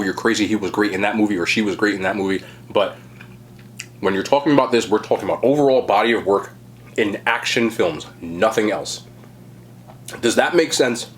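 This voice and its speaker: A man in his thirties hosting a mukbang, chatting casually to viewers while he eats. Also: mid-range voice. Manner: chatty, upbeat, addresses viewers directly. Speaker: mukbang host. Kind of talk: casual chat to camera while eating.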